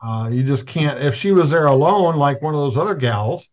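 A man hosting a video call show, asking questions in a halting way full of fillers. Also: a little high, expressive, a little hiss or hum. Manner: halting, fills gaps with uh and um. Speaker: host.

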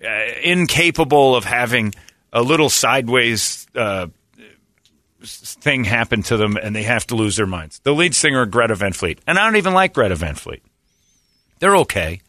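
Male talk-radio host, sarcastic ranter, bright forceful tone, dry close-mic sound. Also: medium pitch, sing-song, moderate pace, dry recording. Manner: sarcastic, mocking, reads quotes in put-on voices. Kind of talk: casual talk radio banter.

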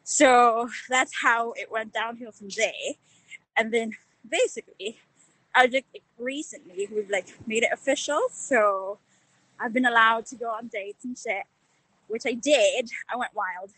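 A woman's voice: a little high, measured pace, pushed and bright, low-quality recording. A woman with a Northern English accent calling in, out of breath from walking, talking frankly with lots of fillers. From Northern England. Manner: frank, laughing, many fillers. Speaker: caller. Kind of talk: casual phone call.

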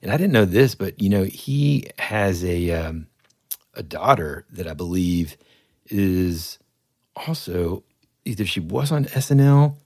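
Gravelly low-voiced laid-back man. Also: expressive, a little slow, darkish tone, dry recording, clean studio sound. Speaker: podcast co-host. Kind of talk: casual movie chat.

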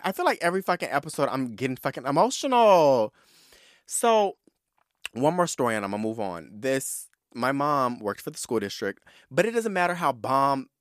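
A young adult man from San Diego hosting a podcast, telling personal stories in a casual, animated, profane and sassy way, talking straight to his listeners. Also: a little high, dry recording, clean studio sound. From San Diego, California. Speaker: podcast host. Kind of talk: casual solo storytelling.

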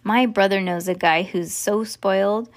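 A woman's voice: medium pitch, fairly even intonation, a little slow, close to an everyday voice. Gossipy grade-school boy, read by a woman. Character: young boy classmate, a storyteller.

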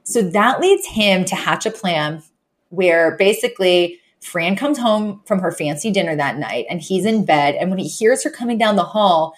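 A woman co-hosting a podcast, chatting casually and animatedly about a TV episode, often acting out lines. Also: on the low side. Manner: animated, laughing, acts out quotes. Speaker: podcast co-host. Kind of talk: casual chat recapping a TV episode.

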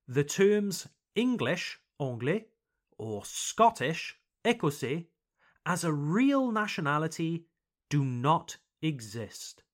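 A British man hosting an English lesson podcast, reading a scripted explanation slowly and carefully and adding French translations. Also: fairly high pitch. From United Kingdom. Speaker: podcast host teaching English. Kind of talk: scripted educational narration for learners.

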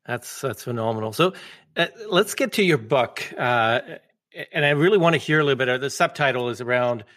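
A man's voice: mid-range voice, lively intonation, brisk, fairly bright tone. A man with an ordinary mid-range voice hosts the conversation. He asks loosely worded questions with restarts and answers his guest with short agreements. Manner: affirming backchannels and loosely phrased questions. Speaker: podcast host. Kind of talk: interviewer.

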